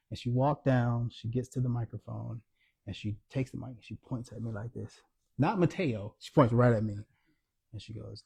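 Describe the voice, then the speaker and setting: A man, an author at a live book event, telling stories and acting out quoted dialogue in a lively conversational way. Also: mid-range voice, normal speed, gravelly, slightly rough. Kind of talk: storytelling conversation.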